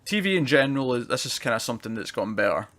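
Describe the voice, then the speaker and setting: A man's voice: medium pitch, big pitch swings, very fast, a bit bright. Chatty man reviewing TV. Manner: chatty, rambling, laughs often. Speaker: podcast co-host reviewing TV. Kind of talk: casual review chat.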